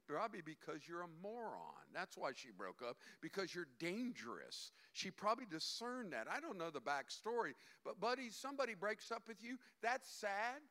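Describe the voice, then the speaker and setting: A male pastor preaching an animated sermon, acting out the voices of figures as he goes. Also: high voice.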